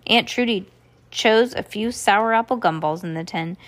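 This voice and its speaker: A woman's voice: mid-range voice, normal speed, fairly bright tone. A woman reading a children's book aloud, with occasional slips and restarts. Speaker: reader.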